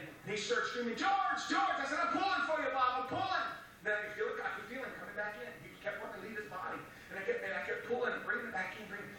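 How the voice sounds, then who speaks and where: A man's voice: high voice, bright, forceful tone, slight background noise. A man giving an emphatic, repetitive, folksy testimony, recorded from a distance in a large hall. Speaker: testimony speaker. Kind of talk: preached personal testimony.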